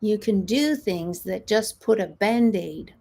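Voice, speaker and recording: A woman podcast host and stress management coach, explaining calmly and checking in with "right?" after her points. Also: medium pitch, takes it slowly, vocal fry. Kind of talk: coaching talk.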